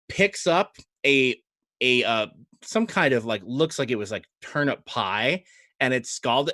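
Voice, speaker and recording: A man's voice: mid-range voice, slow, no echo. Man, game master for a tabletop game, loose rambling delivery, filler-heavy, dry close mic. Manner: relaxed, rambling narration with many fillers.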